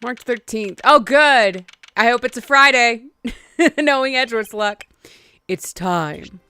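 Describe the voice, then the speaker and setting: A woman's voice: a little high, unhurried, bright, forceful tone, clear, resonant tone. A young woman streamer giving casual, crude, chatty commentary while playing a game. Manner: crude, swearing, laughing, chatty.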